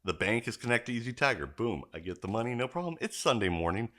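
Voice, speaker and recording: Male podcast host; lively, bright, crude anecdote-teller. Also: medium pitch, quick pace. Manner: profane, animated storytelling with mimicked voices. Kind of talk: casual chat.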